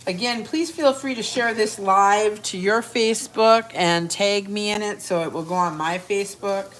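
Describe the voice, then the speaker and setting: A woman's voice: medium pitch, moderate pace, a bit bright. A woman hosting a live cooking stream from her home kitchen, brash and joking, talking straight to her viewers. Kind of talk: chatty live cooking demo.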